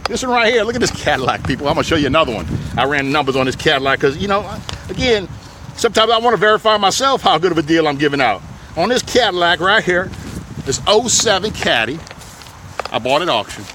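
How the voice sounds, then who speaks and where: Folksy man pitching used cars outdoors. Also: sing-song, fast talker, background noise. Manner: folksy hard-sell patter, keeps calling out to "people". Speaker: used car dealer. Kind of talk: sales pitch walking a car lot. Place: outdoor used car lot.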